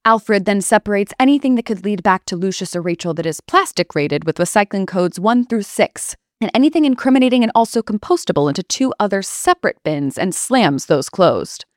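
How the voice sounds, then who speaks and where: A woman doing scripted comedic narration in a deadpan way, full of wry asides. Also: mid-range voice, no room sound.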